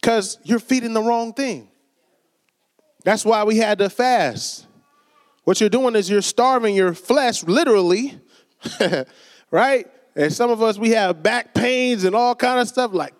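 A man's voice: sits high, normal speed. A man preaching a casual, conversational sermon in a church, calling for amens and acting out quoted voices. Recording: long reverb of a church hall.

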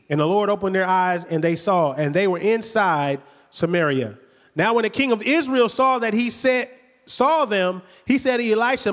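Male preacher, high voice, lively storytelling sermon, long hall reverb. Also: normal speed. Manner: lively, conversational retelling with acted quotes and rhetorical questions.

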